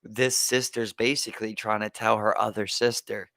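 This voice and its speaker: A man's voice: lowish voice, steady tone, normal speed, pushed and bright, no room sound. A young man with a Baltimore accent, telling a story casually on a podcast, rambling with many fillers and calling his listener "bro.". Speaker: podcast co-host.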